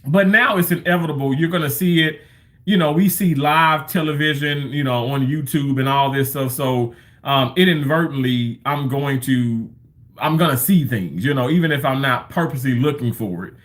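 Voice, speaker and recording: A man's voice: mid-range voice, moderate pace, a bit bright. A man in his thirties or forties, rambling through a casual livestream monologue with chatty storytelling and loose swearing.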